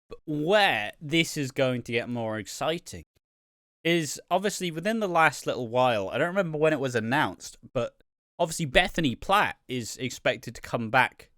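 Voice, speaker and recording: A man's voice: medium pitch, pushed and bright, clear, resonant tone, no echo, studio quality. A man hosting a podcast, chatting casually about a soap opera with lots of "um"s and "like"s and some casual swearing. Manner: rambling, many "um"s and "like"s, casual swearing. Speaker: podcast host. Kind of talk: casual soap review chat.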